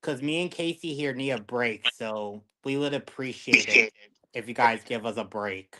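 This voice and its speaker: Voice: mid-range voice, moderate pace, bright, forceful tone, poor audio. A co-host chatting casually to viewers, blunt and swearing freely while backing up their partner.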